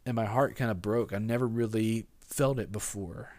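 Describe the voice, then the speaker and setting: A man preaching a sermon in a conversational way, often restarting his sentences and acting out quoted lines with sudden jumps in pitch and loudness. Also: normal speed, no room sound. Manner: conversational, with repeated restarts and playful sarcasm. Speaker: pastor.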